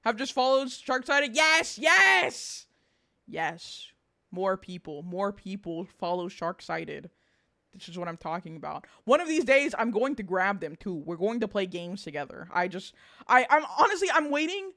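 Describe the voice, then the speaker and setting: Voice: medium pitch, very animated, moderate pace, sharp tone. A VTuber streamer chatting casually with chat, reading messages aloud, swearing freely and often breaking into laughter.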